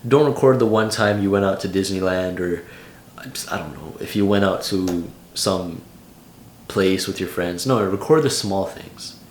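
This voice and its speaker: A man's voice: sits low, normal speed, a little hiss or hum. Laid-back teenage guy, roomy echo. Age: late teens. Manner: loose, slangy, full of "like" and "bro". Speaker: vlogger. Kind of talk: casual advice vlog.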